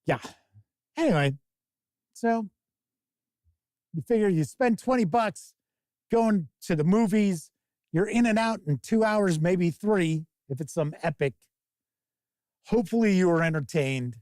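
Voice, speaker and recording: Brief: male stream host, slightly high voice, dry close sound, rambling and casual, swears freely. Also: unhurried, long pauses, no echo. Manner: rambling, profane, animated mock quotes. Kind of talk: casual live-stream talk.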